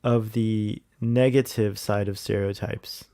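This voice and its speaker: Man, gravelly voice, dry close sound, wry casual storytelling. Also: lowish voice, steady tone, slow pace, mellow, dry recording. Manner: wry, storytelling, laughs at own anecdote. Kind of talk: casual chat.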